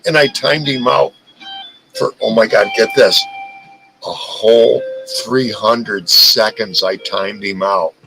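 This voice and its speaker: A man hosting a casual live stream, talking in an animated, profane rant. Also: lowish voice, takes it slowly, soft background music, low-quality recording. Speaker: livestream host.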